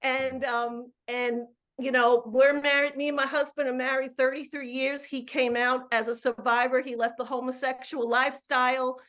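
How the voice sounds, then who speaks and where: Woman in her fifties, high voice, effusive caller, emphatic, repeats herself. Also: little pitch movement, normal speed, few pauses, a bit bright. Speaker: caller on a live Q&A, coach. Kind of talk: live call-in chat.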